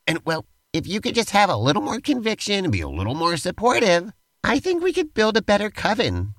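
A man's voice: high-pitched, huge pitch swings, fairly quick, a bit bright, no echo. A man co-hosting a podcast, narrating a playful role-play and bantering with enthusiasm. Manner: enthusiastic, talky, uses "like" a lot. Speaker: podcast co-host.

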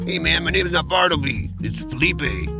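A man's voice: a little high, big pitch swings, moderate pace, vocal fry, over music. A man doing a panicky young barista. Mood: rambling. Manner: panicky and rambling. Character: frantic young male diner barista.

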